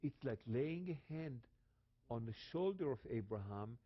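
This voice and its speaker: A man's voice: medium pitch, expressive, measured pace, lo-fi sound. A man from Israel with an Israeli accent, teaching about the Bible in a dramatic way and repeating phrases for emphasis. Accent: Israeli Hebrew. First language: Hebrew.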